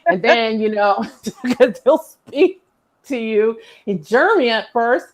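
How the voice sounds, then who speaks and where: Woman from the US, casual storyteller, lively and laughing, jumps up high for punchlines. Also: slow. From United States. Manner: animated, laughs often, mimics herself in quotes.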